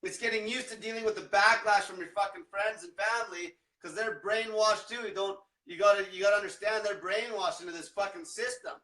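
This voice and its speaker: A man's voice: sits high, fairly even intonation, brisk, hardly any pauses, pushed and bright, distant mic. A man coaching viewers in a blunt, combative rant full of swearing. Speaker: diet coach. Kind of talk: profane motivational rant. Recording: echoey room, off-mic.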